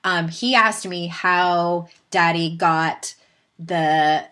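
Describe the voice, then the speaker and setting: A woman in her thirties with a Southern California accent, hosting a podcast and telling a story in a chatty, animated way with laughing asides. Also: lowish voice, very slow. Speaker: podcast host. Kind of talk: casual storytelling monologue.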